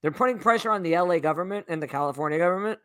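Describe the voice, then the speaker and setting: A man co-hosting a casual sports talk show, excitable and animated, often repeating words as he goes. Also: high voice, rapid-fire, dry recording, studio quality. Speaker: podcast co-host.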